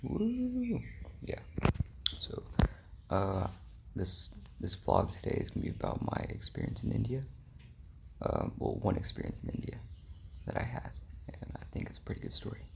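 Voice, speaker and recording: A man's voice: deep voice, huge pitch swings, moderate pace, vocal fry, long pauses, a little mellow. A young man telling a rambling travel story in a casual vlog, full of "like" and "um", slipping into whispery asides. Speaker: travel vlogger.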